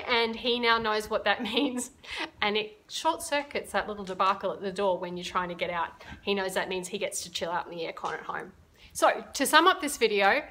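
A woman's voice: a little high, bright, forceful tone. A woman dog trainer chatting through a casual instructional video, explaining her ideas with everyday examples.

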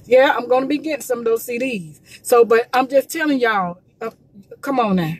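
A woman's voice: a little high, moderate pace. A woman promoting gospel music in a casual livestream, urging listeners with emphatic, repetitive preachy calls.

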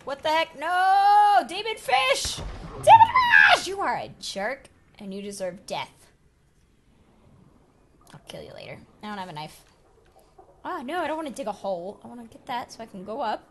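A young woman hosting a casual let's play, excitable and talking to game creatures as she plays. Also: medium pitch, moderate pace, pauses often, heavy background noise. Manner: excitable, talks to game creatures, jumps from whispers to yelps. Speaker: gaming channel host.

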